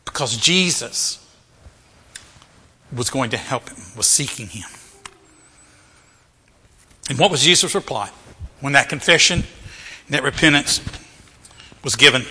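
A man's voice: medium pitch, expressive, a little slow, long pauses, pushed and bright, breathy edge. A male pastor preaching a sermon, asking rhetorical questions and repeating phrases for emphasis, in a church. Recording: reverberant hall.

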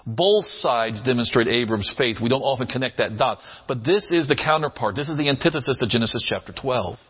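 A man's voice: medium pitch, animated, fairly quick, husky, lo-fi sound. A man preaching a sermon, earnest and emphatic, repeating phrases for weight. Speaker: pastor.

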